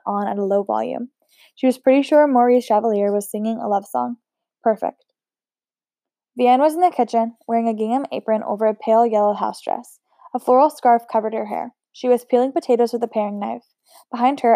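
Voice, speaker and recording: A woman's voice: fairly high pitch, dark tone, no room sound. A woman reading a novel aloud in an unpolished way, with occasional slips and restarts. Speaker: amateur reader.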